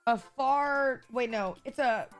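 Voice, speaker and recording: A woman's voice: sits high, slow, faint music behind. A woman streamer chatting casually with her viewers, rambling, sarcastic and often laughing. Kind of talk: casual live-stream chat.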